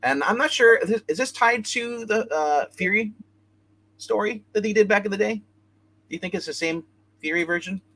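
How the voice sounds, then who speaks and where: A man with a bright, forceful voice reviews comics in a loose, rambling way. He retells the scenes and drops into quick snippets of dialogue as he goes. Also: high-pitched, rough recording. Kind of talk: casual comic book review.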